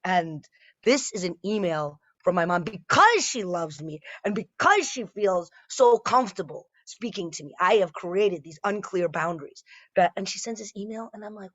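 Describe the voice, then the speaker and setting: Female stand-up comic, 30s, rambling and self-mocking, mid-pitched, dry, muffled recording. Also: expressive, moderate pace, dry recording. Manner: chatty, self-deprecating, with frequent fillers and restarts. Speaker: stand-up comedian. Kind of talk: stand-up storytelling set.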